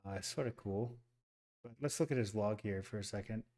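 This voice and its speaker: A man on a live stream, chatting casually to viewers as he sets up a small robot, getting excited and talking through every step. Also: on the low side, a little fast. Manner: excitable, talks to viewers while fiddling with a robot. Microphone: computer mic, second mic added.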